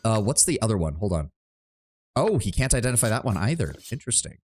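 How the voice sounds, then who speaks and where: A man's voice: lowish voice, sing-song, fast, a little mellow. A man giving chatty, joking commentary while streaming a video game. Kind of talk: live gameplay commentary.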